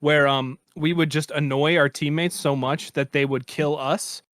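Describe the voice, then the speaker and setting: A man in his thirties, a podcast guest, chatting casually and telling animated stories with laughter. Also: on the high side, normal speed, no room sound, studio quality. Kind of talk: casual chat.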